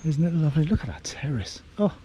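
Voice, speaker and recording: A man's voice: on the high side, very animated, fast, mellow, breathy edge. A middle-aged man from the UK chatting enthusiastically as he walks outdoors through village streets, admiring everything he sees. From United Kingdom. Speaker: travel vlogger. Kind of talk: casual walking commentary.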